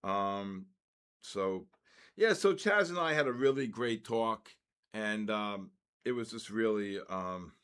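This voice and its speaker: Animated older New man. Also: on the low side, takes it slowly, clean tone. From the Bronx, New York. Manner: animated, greets viewers, riffs between market calls. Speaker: trading stream host. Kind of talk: casual live-stream chat.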